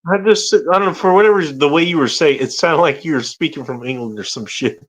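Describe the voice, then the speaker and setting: A man's voice: on the high side, fast talker, poor audio. A man from the United States hosting a casual chat, rambling and joking with many restarts. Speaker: host.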